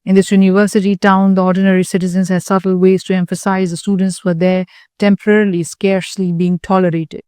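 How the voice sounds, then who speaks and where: A woman storyteller giving a scripted narration in a steady, even reading. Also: medium pitch, fast, clean tone, no room sound, studio quality.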